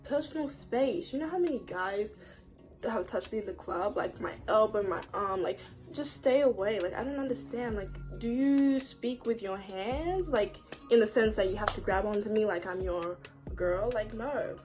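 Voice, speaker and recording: A woman's voice: mid-range voice, moderate pace, a little mellow, soft background music. A young woman, chatting casually to camera as a vlogger, exasperated and ranting, with lots of "like". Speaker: beauty and lifestyle vlogger.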